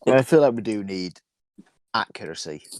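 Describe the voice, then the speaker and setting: Male co-host, casual chat, low voice, lively pitch, dry sound. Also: moderate pace, no room sound. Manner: stammering, laughing. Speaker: podcast co-host.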